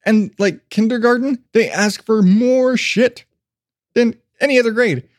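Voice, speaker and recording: A man's voice: very high-pitched, measured pace, no room sound, studio quality. A middle-aged man hosting his own podcast, rambling casually and laughing at himself, with frequent swearing. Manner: self-deprecating, swears freely, laughs often. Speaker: podcast host.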